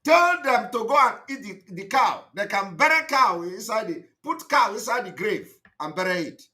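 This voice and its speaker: A man delivers a fervent, repetitive commentary monologue on his own online show. His bright, high voice swings widely in pitch, climbing to loud outbursts and sinking to quiet asides, at a moderate pace.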